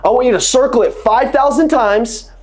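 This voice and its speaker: A man giving an energetic sales training talk on a video call. He speaks in a casual, emphatic way, repeats key phrases and calls the audience "guys". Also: very high-pitched, moderate pace.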